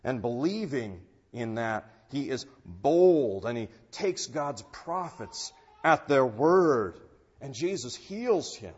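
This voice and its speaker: A man preaching a sermon in an earnest, unhurried way, rising in force on key phrases. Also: medium pitch, sing-song, darkish tone, husky. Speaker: pastor. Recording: dull sound with long church reverb.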